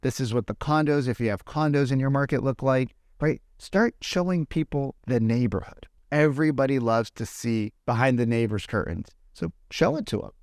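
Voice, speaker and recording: A young man coaching real estate agents on a podcast, animated and talkative, who keeps tagging his points with "right?" and acts out quoted voices. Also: medium pitch, moderate pace, hardly any pauses, dry recording, studio quality. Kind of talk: energetic podcast advice talk.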